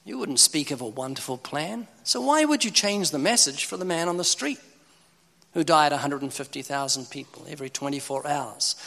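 A man preaches with urgency and pleading force, his loudness swinging sharply between loud and soft. His voice sits high and sounds bright and forceful. A long reverb from a large hall trails each phrase. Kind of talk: sermon.

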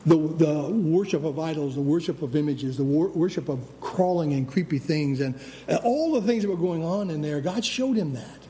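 A man preaching a sermon as pastor, animated, acting out the voices of God and believers. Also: a little high, normal speed, few pauses.

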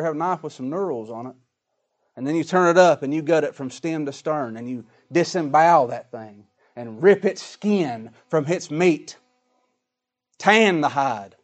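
Folksy preacher with swings in volume. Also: male voice, a little high. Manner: folksy, dramatic, swings from quiet to loud. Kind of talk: sermon.

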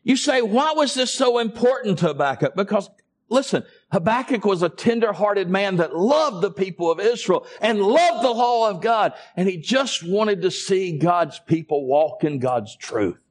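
Preacher man, high voice that swings all over, keeps asking the church to say amen. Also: animated, normal speed. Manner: preaching with call-and-response to the congregation. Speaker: pastor. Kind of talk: sermon.

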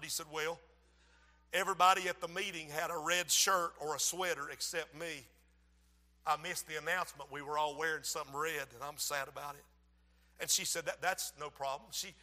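A man preaching a sermon as pastor of a church, swinging between loud outbursts and hushed asides. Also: fairly high pitch, big-room sound.

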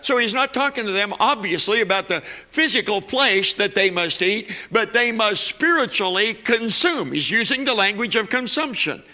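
High bright-voiced male preacher. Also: animated, moderate pace, few pauses. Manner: rising to emphatic peaks, repeating phrases. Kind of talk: sermon.

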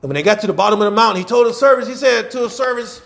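A man, a pastor preaching a sermon in a church, repeating phrases and building to shouts. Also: high-pitched, very fast, creaky. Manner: repetitive call-and-response preaching, swelling to shouts.

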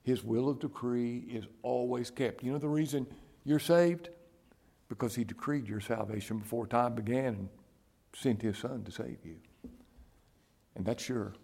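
A man preaching a sermon, dropping to hushed whispers and rising to raised exclamations. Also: medium pitch, moderate pace, creaky.

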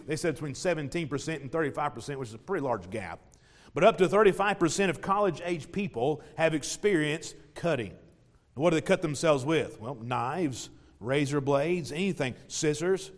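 A pastor giving an emphatic sermon. He repeats phrases and swings between loud, stressed lines and quiet asides. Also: fairly high pitch. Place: church sanctuary. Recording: long hall reverb.

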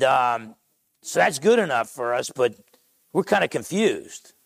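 A middle-aged pastor from Essex County, New Jersey, with the accent to match, preaches a sermon and tells a story, acting out the people he quotes. His medium-pitched voice is creaky, and there's no room sound.

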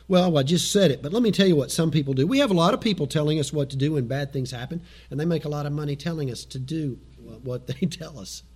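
A man preaching a sermon as pastor, animated, acting out quoted voices and chuckling as he goes. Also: fairly high pitch.

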